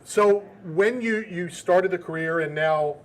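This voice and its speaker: High-voiced male interviewer. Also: measured pace. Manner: curious, friendly questioner. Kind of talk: casual interview.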